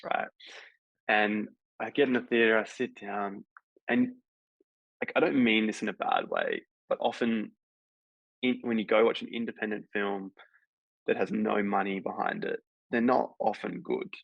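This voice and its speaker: A man's voice: big pitch swings, moderate pace, no room sound. A man, an actor telling a long, rambling anecdote full of fillers in a casual interview. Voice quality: gravelly low voice. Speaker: actor guest. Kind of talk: casual storytelling in a podcast chat. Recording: dull, dry lo-fi sound.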